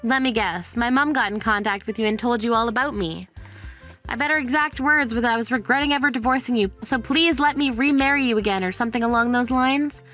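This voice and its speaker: A fed-up young divorcee, read by a synthetic woman's voice, cold and blunt. The voice is high, and faint music runs beneath it. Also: brisk, fairly bright tone, lightly acted. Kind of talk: text-to-speech text story.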